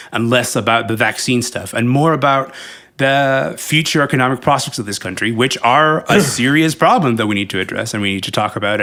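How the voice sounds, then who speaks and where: A man's voice: on the low side, bright, forceful tone. A man talking as a podcast guest in a casual political discussion, thoughtful and hesitant with frequent fillers. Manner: thoughtful, many fillers and restarts. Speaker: podcast guest, culture writer.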